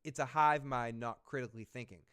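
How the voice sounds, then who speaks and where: A man's voice: mid-range voice, fairly even intonation, fairly quick, fairly bright tone, clear, resonant tone. A man hosting a casual show recap, rambling and swearing as he retells scenes. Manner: rambling, profane, retells scenes with quoted lines. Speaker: podcast host.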